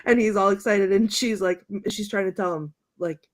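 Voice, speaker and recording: A chatty woman in casual conversation, laughing as she goes. Her voice sits in a middle pitch and she rattles off movie lines with amusement, breaking into giggles between them. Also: moderate pace. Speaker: podcast co-host. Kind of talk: casual chat, quoting film lines.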